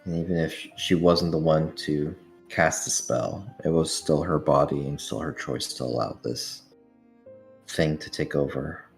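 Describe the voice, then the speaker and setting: A man's voice: rumbling low, fairly even intonation, a little slow, creaky, faint music behind. A man playing in a tabletop game, describing his character hesitantly with many fillers. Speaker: player.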